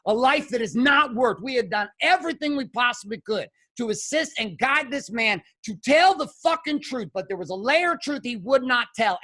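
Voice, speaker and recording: A man talks as a podcast guest, his voice rising and falling across a wide, animated range. He is blunt and heavily profane. He swings from shouted bursts to low, intense passages. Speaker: podcast guest, men's coach. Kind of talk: impassioned conversational monologue.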